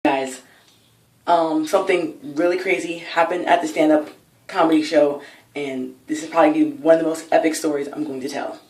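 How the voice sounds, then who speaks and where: Excitable young woman telling a story. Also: low-pitched, a little fast, echoey room, noisy background. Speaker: vlogger. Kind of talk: storytime vlog.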